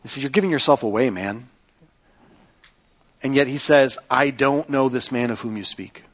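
A man's voice: mid-range voice, normal speed. A man preaching a sermon in a conversational way, often checking in with listeners by asking "right?". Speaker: pastor.

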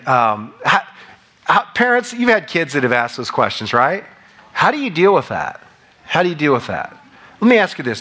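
Animated bright-voiced male preacher. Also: on the high side. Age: middle-aged. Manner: animated, conversational preaching with rising emphatic peaks. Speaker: pastor. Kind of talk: sermon.

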